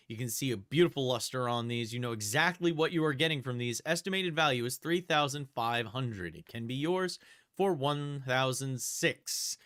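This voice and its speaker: A man's voice: mid-range voice, smooth. Man calling a live coin auction. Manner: chatty, calls bids in a steady auction chant.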